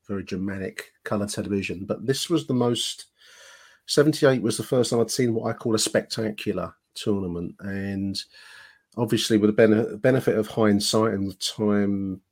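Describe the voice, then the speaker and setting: A man hosts a podcast in a relaxed, chatty voice that wanders and restarts as he goes. His voice sits somewhat low. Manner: chatty, meandering, full of restarts. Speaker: podcast host. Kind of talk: casual podcast chat.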